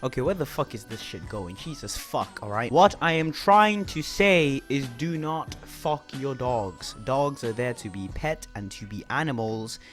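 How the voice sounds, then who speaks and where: A man's voice: medium pitch, lively intonation, unhurried, hardly any pauses, a bit bright, soft background music. A young man ranting in a YouTube commentary video, swearing often and using lots of filler words.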